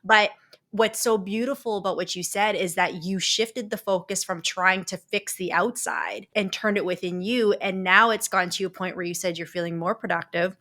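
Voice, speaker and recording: A woman's voice: medium pitch, steady tone, moderate pace, bright, forceful tone. A woman coach hosting a podcast, talking with a guest in an earnest, affirming and emphatic way. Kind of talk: conversational interview.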